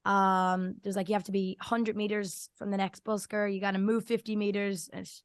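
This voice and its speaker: A woman's voice: mid-range voice, flat delivery, moderate pace, smooth, no echo. Chatty young Irish woman, dry close sound. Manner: chatty, fills with "like" a lot. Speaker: singer-songwriter guest. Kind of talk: casual interview chat.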